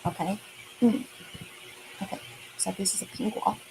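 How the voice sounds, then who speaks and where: A woman's voice: mid-range voice, steady tone, moderate pace, gravelly, noisy background. A woman teaching a lesson for kids, speaking patiently, repeating words and often checking with "okay?" and "right?". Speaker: Mandarin teacher. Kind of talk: online kids' language lesson.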